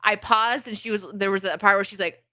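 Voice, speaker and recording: A woman's voice: mid-range voice, steady tone, a little fast, pushed and bright, no room sound. A woman co-hosting a casual live stream, reading out donations and telling stories with lots of laughter. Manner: laughs often, talks through funny stories. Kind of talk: casual chat.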